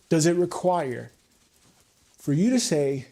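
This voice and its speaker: A man's voice: on the high side, lively intonation, moderate pace, dark tone. A man talking unscripted on his livestream, venting heatedly and swearing often.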